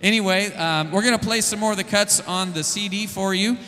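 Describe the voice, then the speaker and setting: A man's voice: high voice, a little fast, pushed and bright. Hesitant man on a reverberant stage mic. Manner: hesitant, many fillers. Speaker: worship musician thanking the audience. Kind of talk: casual stage announcement. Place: live café venue with a PA.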